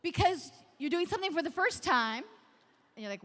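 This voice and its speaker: Woman keynote speaker, high voice, bright tone, energetic, leads a crowd, stage mic in a big hall. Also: brisk. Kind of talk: interactive motivational keynote. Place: large convention hall.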